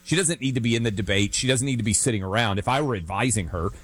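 A man's voice: on the low side, fast. A man on talk radio giving confident political commentary and advice. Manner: confident, advisory. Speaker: radio talk show co-host.

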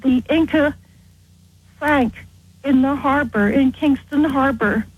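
A woman from Canada calling in to a radio show, telling her story in a halting, hesitant way. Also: high voice, phone-quality sound, a little hiss or hum. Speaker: caller. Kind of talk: phone-in chat.

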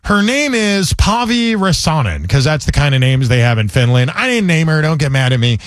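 A man's voice: fairly high pitch, very animated, moderate pace, no room sound, studio quality. A man hosting a comedy talk show, ranting in a sardonic, joking way in casual chat. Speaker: comedy podcast host.

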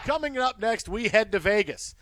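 A man hosting a sports radio show, telling stories in a quick, animated way. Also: sits high, no echo. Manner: animated storytelling, quick asides. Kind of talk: casual sports radio chat.

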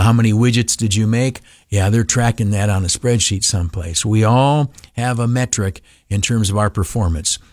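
A man on the radio gives a lively motivational talk, frequently pausing on filler uhs and slipping into mocking high-pitched voices. The recording is clean studio sound with no echo.

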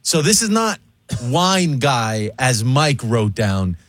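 A man's voice: mid-range voice, slow, no echo. A male radio co-host chiming in with playful remarks. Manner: playful, lively. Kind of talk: casual radio banter.

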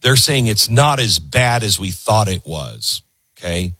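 A man's voice: on the low side, measured pace, breathy edge, no echo, studio quality. A man hosting a commentary show, talking emphatically to his audience between video clips. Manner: animated, emphatic, talks to the audience.

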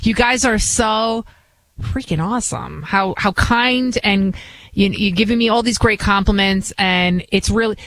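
A woman's voice: mid-range voice, a little slow, a bit bright, no echo, rough recording. Chatty Bronx-accented woman radio host. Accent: New York (Bronx). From Bronx, New York. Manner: chatty, emphatic, rambling with restarts. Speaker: radio talk show host. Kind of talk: casual talk radio monologue.

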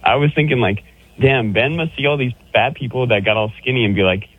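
A man's voice: medium pitch, fairly quick, husky, no room sound. A man calling in to a sports radio show, needling the host with jokes. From Southern California. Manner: needling, joking, laughs at own jokes. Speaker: caller. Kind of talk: call-in radio banter. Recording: phone line.

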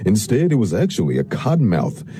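A male news reporter delivering a scripted report in a measured newsreader manner. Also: lowish voice, wildly swooping pitch, warm tone.

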